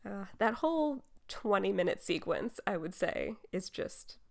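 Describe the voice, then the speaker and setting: A woman's voice: medium pitch, big pitch swings, normal speed, vocal fry. A woman hosting a casual film podcast, talking enthusiastically and laughing often. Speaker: podcast host.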